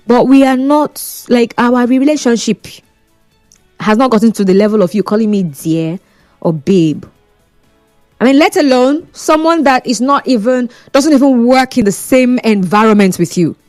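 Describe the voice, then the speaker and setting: A woman's voice: mid-range voice, darkish tone, no room sound. A Nigerian woman hosting a phone-in radio talk show, chatty and teasing, often laughing.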